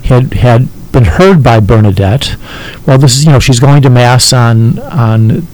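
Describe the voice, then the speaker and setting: A man explaining a text to a listener as a teacher, halting and often checking in with "okay?". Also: medium pitch, expressive, darkish tone, rough recording.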